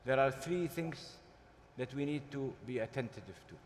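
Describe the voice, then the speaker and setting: A man's voice: medium pitch, slight background noise. Emphatic man in a conference hall. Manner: deliberate, emphatic, with frequent hesitations. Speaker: panel speaker. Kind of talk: panel discussion. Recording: hall reverb, faint ambience.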